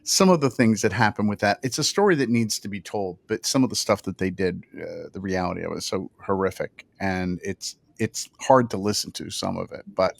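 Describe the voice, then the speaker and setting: A man co-hosting a podcast livestream, talking casually in a halting, rambling way. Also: low-pitched, gravelly, no room sound. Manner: rambling, halting, many restarts. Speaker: podcast co-host.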